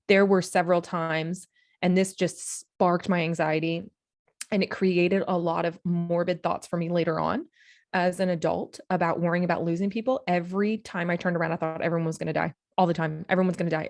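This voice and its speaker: A woman's voice: on the low side, no echo. Give me a woman sharing a personal story on a podcast, earnest and emotional, in a dry, close-miked sound. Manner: earnest, emotional, with many restarts. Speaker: podcast guest.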